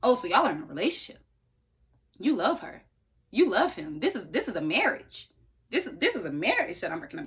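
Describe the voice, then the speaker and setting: Bright-voiced woman telling a story. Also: mid-range voice, brisk, slightly rough. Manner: animated, slangy, addresses viewers as y'all. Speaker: vlogger. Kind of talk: casual storytelling.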